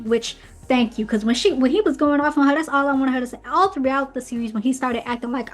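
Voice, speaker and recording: A woman hosts her own podcast, reviewing books by casually recapping a series with chatty opinions and playful asides. Her voice is a little high and steady, and she talks fast. Faint music plays in the background.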